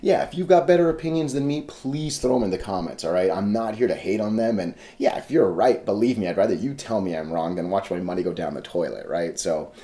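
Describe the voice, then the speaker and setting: A man with a lowish, mellow voice hosts a stock chart video. He talks frankly and casually, leaning on little check-ins like "right?" to keep the viewer with him. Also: fairly quick, hardly any pauses. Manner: frank, emphatic, peppered with "all right?" and "right?". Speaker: stock chart analysis host. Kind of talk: casual talk to camera.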